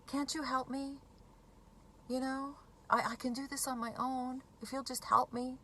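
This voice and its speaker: A woman's voice: high-pitched, flat delivery, unhurried, fairly bright tone, a little hiss or hum, voice pushed up. A woman acting out a remorseful addict who begs a partner not to make them leave. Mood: pleading. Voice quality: whiny, begging. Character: pleading remorseful addict begging to stay.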